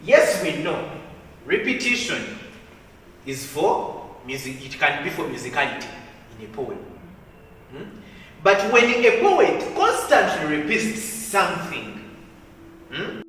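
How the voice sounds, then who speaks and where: A man's voice: a little high, wildly swooping pitch, slow, pauses often, a bit bright. A male literature teacher giving a lecture. He repeats his points and keeps checking in with "okay?" and "hmm?". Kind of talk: classroom lecture. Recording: echoey hall, distant mic, faint hiss.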